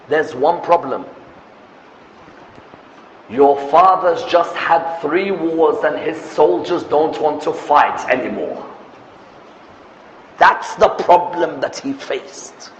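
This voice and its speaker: A man's voice: a little high, slow, pauses often, fairly bright tone. A man preaching a sermon with passion, asking rhetorical questions and building to emphatic peaks. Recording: echoey hall, muffled lo-fi sound, faint noise.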